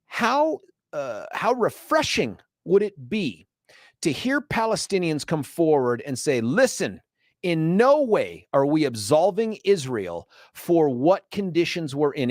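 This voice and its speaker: Male radio host, sarcastic opinion monologue, lively higher voice, dry studio mic. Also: no echo. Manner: sarcastic, mocks others with put-on quotes. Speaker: radio talk show host.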